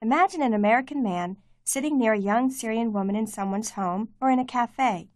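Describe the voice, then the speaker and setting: A woman giving clear, measured scripted narration for a language course. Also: on the high side, darkish tone, no room sound, studio quality. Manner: clear, measured teaching delivery.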